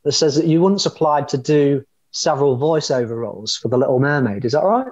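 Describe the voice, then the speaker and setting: An English man co-hosts a podcast, rambling and hesitant with lots of fillers. His voice is pitched a little high. The recording is dry and slightly dull. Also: fairly quick, a little mellow, no echo. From England. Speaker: co-host. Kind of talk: casual podcast chat.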